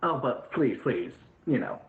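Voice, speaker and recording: A man playing a gracious, unhurried warlord king. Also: mid-range voice, sing-song, voice pushed up. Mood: nostalgic. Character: calm, courteous male warlord king of earth. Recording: echoey, phone-like sound.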